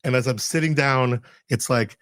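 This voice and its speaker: A man hosting a casual podcast interview, chatty and animated as he tells stories with quoted dialogue. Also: mid-range voice, moderate pace, no echo, studio quality. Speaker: podcast host.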